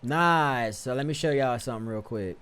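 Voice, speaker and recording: A man talks through a life-sim game on a live stream in an easygoing, slangy way. He trips over words and fixes them as he goes, and his voice sits at an ordinary, mid-range pitch. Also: moderate pace, over music. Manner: laid-back, slangy, corrects himself often. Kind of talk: casual gameplay commentary.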